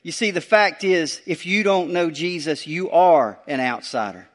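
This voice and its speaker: A man preaching a sermon. His voice sits a little high and climbs in bursts as he presses a point. He repeats lines for emphasis and then drops low and quiet. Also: measured pace. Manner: emphatic preaching with repeated phrases and rising surges. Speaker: pastor.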